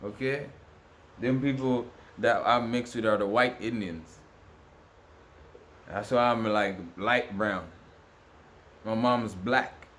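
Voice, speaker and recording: A man's voice: fairly low pitch, fairly even intonation, slow, long pauses, a bit bright, a little hiss or hum. A man vlogging to camera in a rambling, repetitive, aggrieved rant with many restarts. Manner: ranting, aggrieved. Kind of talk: casual monologue to camera.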